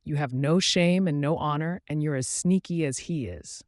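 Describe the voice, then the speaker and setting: A woman's voice: sits low, moderate pace, a little mellow, no echo, studio quality, close to an everyday voice. A man voicing a reproachful, sobbing Scottish woman friend in an audiobook. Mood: scolding.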